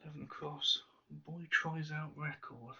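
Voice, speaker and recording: A man solving a crossword aloud, musing slowly with half-whispered asides. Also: fairly high pitch, steady tone, pushed and bright, husky, far from the mic. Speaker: crossword solver. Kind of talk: thinking aloud while solving. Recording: slightly dull lo-fi sound.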